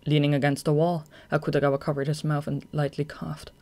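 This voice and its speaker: Brief: steady fan-audiobook narrator, plain mid-pitched reading. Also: a little fast.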